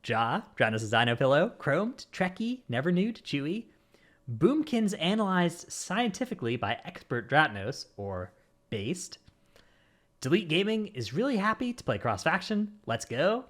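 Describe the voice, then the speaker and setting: A man's voice: fairly high pitch, sing-song, a little slow, fairly bright tone. A man hosting a casual gaming podcast, reading lists of supporter names with running jokes. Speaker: podcast host.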